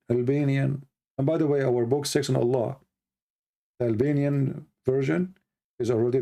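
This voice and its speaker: A man hosts a livestream in a gravelly, dark voice, his non-native English full of broken grammar. He talks emphatically, peppers his lines with "you know," and pushes higher and hotter when he turns on his critics. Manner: emphatic, grows heated and high-pitched when mocking critics; frequent "you know" and repeated words. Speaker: livestream host. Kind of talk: casual spoken monologue.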